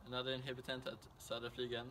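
A man's voice: medium pitch, monotone, very fast, sharp tone, a little hiss or hum. A young man with a Swedish accent delivering a mock-serious news report in a comedy sketch.

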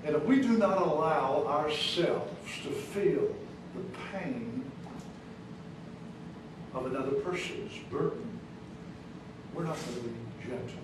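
A pastor preaching a sermon in a church, speaking emphatically with rising questions and sudden soft drops, with an American accent. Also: male voice, medium pitch. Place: church sanctuary. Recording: echoey church recorded from a distance, noisy.

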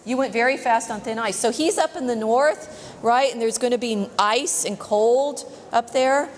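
Lively woman reading to children. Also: a little high, moderate pace, a little hiss or hum. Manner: lively, asks questions, says "right?" often. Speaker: reader to children. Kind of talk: reading a picture book aloud with commentary. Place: large church. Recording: long church reverb.

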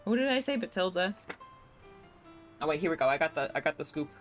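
A woman's voice: lowish voice, big pitch swings, brisk, faint music behind. A woman streaming a life-sim game, chatting casually, reading chat aloud and laughing often.

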